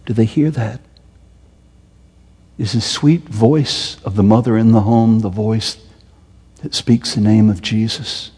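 A male pastor delivering an impassioned sermon in a warm, mellow voice pitched a little low. He climbs to loud, emphatic peaks, then sinks to a soft, close tone. His voice rings with the long reverb of a large hall. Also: steady tone, slow pace, pauses often, breathy edge.

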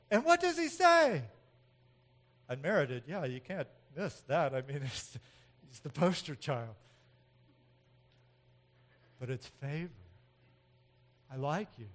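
A man preaching a sermon in an animated way, swinging from loud emphatic outbursts to quiet asides, with frequent chuckles. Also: a little high. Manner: chuckles often between points. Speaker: pastor.

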